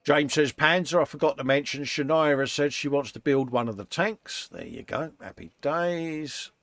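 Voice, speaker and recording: A man's voice: medium pitch, moderate pace, vocal fry, fairly bright tone, no room sound. A British man co-hosting a model-making live stream, chatting casually and reading out viewer comments. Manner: chatty, calls people mate, laughs often.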